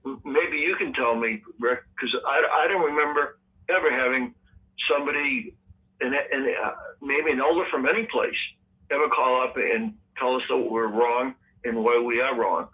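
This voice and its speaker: A man's voice: medium pitch, moderate pace. A man co-hosting a call-in show who argues his points emphatically. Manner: emphatic, argumentative. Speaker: co-host. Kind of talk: casual call-in radio talk. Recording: tinny phone line.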